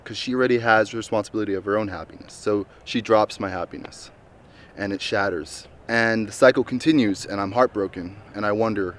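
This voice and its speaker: A man telling personal stories in a reflective vlog, earnest, moving between calm musing and bursts of excitement, recorded outdoors in a park. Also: fairly low pitch, brisk. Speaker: vlogger. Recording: music playing over the voice.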